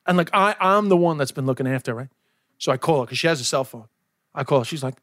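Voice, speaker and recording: A man, around his forties, a comedian chatting on a podcast, telling stories in an animated way, acting out dialogue and swearing often. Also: medium pitch, fast talker. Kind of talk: casual podcast interview.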